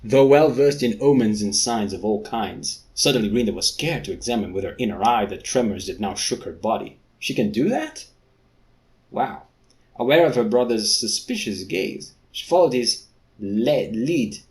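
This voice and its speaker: Lower-voiced man reading a book, joking asides. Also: expressive, moderate pace, darkish tone. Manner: joking asides, sweary, laughs often. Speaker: reader. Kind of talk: casual book reading with commentary.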